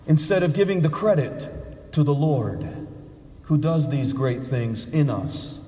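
Slow-talking preacher in echoey church. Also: male voice, a little high. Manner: storytelling with jokes. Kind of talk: sermon.

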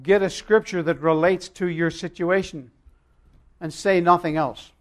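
A male pastor preaching a sermon, emphatic and swinging between loud and quiet, telling stories with long pauses. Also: high-pitched, steady tone.

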